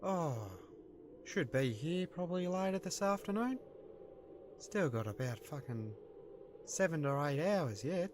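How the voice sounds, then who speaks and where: A man with an Australian accent voicing a friendly, laid-back bushman drifter in an animated show, easygoing and casually swearing. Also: fairly high pitch, a little slow, long pauses, slight background noise.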